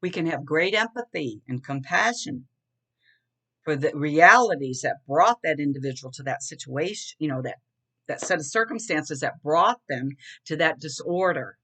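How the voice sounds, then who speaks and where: A woman's voice: low voice, animated, moderate pace, bright, forceful tone. Earnest rambling sounding woman. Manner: earnest, rambling, addresses viewers as y'all. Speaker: vlogger. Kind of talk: casual talking-head monologue.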